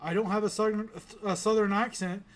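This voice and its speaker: A man's voice: high voice, fairly even intonation, brisk. A man from the American South hosting a casual pop-culture review chat, rambling with many restarts and casual swearing. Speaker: podcast host.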